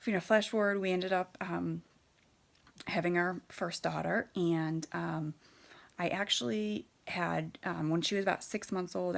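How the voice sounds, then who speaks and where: A woman's voice: low voice, gravelly. A woman in her thirties telling her own story in a candid, hesitant way, with many fillers and restarts. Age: 30s. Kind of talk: personal storytelling.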